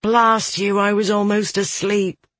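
A narrator doing a gruff, weary woman warrior. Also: medium pitch, fairly even intonation, unhurried, dry recording, natural voice. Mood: irritated.

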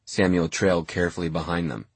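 A husky, low male voice reads an audiobook in a measured, wry storytelling manner. It is recorded close on the mic, dry and without room sound. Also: fairly even intonation, dry recording. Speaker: audiobook narrator. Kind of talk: scripted narration.

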